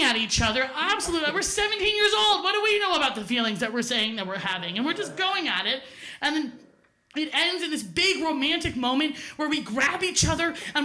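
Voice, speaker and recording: A woman with a high voice tells a personal story live from a theater stage. She is animated, swears freely and laughs at her own mishaps. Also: a little fast.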